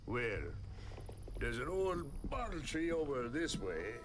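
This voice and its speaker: A drawling Southern catfish. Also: male voice, mid-range voice, sing-song, slow pace, a little hiss or hum. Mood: explaining. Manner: drawling, folksy, patient explainer. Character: folksy old male catfish stuck in a tree. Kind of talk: video game voice acting. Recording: game audio with music.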